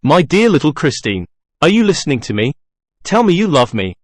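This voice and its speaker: A man's voice: fairly high pitch, big pitch swings, fairly quick, dry recording, clean studio sound. A man reading the part of a masked, lonely male genius, by turns brooding and boastful in a theatrical way. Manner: theatrical, wheedling then boastful.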